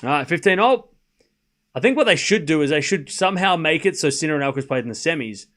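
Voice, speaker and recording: A man hosts a live tennis watchalong, talking loosely to his chat. His voice sits a little high for a man, and he rambles through rhetorical questions and dry sarcastic asides between calling the score. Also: expressive, fast, a bit bright. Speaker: stream host and tennis commentator. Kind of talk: casual livestream commentary.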